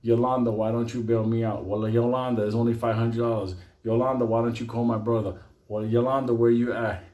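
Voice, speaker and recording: A man's voice: medium pitch, flat delivery, fairly quick, a little mellow, reverberant, close to an everyday voice. A man voicing a desperate male inmate who keeps pleading on the phone in a whiny, repetitive way.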